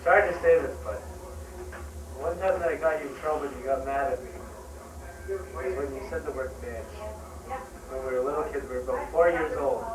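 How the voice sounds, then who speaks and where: A man's voice: medium pitch, fairly quick, long pauses. A young adult man telling rambling childhood stories to a friend on camera, restarting lines and laughing often. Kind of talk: casual anecdotes to camera. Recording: echoey room, distant mic, crowd chatter.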